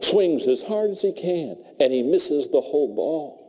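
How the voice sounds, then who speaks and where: A man giving a humorous talk to a live audience, telling stories in an animated way with playful asides. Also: a little high, a little slow, poor audio. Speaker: motivational speaker.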